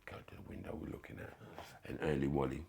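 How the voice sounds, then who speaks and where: A former footballer recounting his playing days in a casual interview, animated and full of swearing, often acting out what others said. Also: very deep voice, fast, gravelly, breathy edge. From England. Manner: animated, swearing, acts out quoted voices. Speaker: former footballer, podcast guest.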